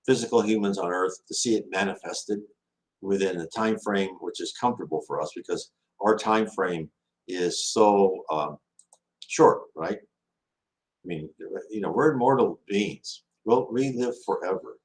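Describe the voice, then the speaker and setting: A man's voice: low voice, unhurried, rough recording. A man hosting a question-and-answer talk, telling stories in a rambling way with many restarts and acted-out quotes. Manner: rambling, with frequent restarts, acting out quoted speech. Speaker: host answering viewer questions. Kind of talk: casual storytelling talk.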